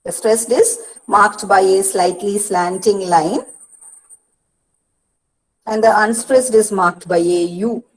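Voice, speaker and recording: A woman with an Indian English accent speaks at a deliberately slow pace. She explains poetry step by step in an online counselling lecture. She often says "see" and repeats herself as she teaches. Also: mid-range voice, low-quality recording.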